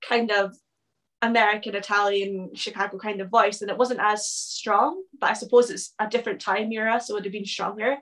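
Woman host chatting casually, mid pitch, upbeat and loose. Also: fairly even intonation, a little fast, fairly bright tone, low-quality recording. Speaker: interviewer host. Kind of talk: casual interview chat.

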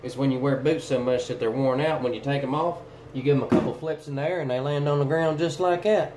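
A man's voice: mid-range voice, fast, noisy background. A man, chatting and joking casually on his vlog. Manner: animated, joking, drawling. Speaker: vlogger.

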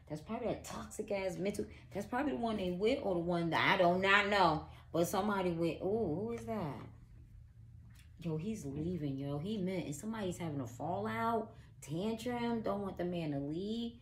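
A woman's voice: mid-range voice, moderate pace, slight background noise. A woman giving a casual psychic tarot reading, blunt and profane, talking straight to the viewer. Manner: blunt, profane, emphatic, talks to viewer as "girl". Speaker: tarot reader.

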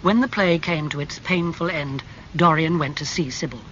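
Bright-voiced man narrating a classic story. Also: on the high side. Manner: clear, measured storytelling. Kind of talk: audiobook reading of a graded classic. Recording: slightly muffled with faint hum.

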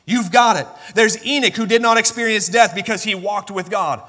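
A man's voice: high voice, fairly even intonation, fairly quick, sharp tone. A man preaching a sermon with passion, acting out the voices of biblical figures as he goes. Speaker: pastor. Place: church sanctuary. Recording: long church reverb.

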